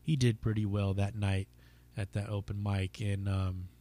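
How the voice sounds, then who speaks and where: A man's voice: fairly low pitch, level tone, unhurried, dark tone. A man hosting his own podcast, telling a stand-up story in casual, rambling talk full of swearing and fillers. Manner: rambling, profane, lots of fillers. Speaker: podcast host and stand-up comic.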